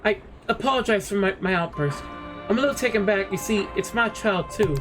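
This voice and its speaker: A man's voice: high-pitched, fairly quick, lightly acted. A man voicing a prim middle-aged woman librarian who calls people dearie, sweet but guarded. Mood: flustered, hushed. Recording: game music playing underneath.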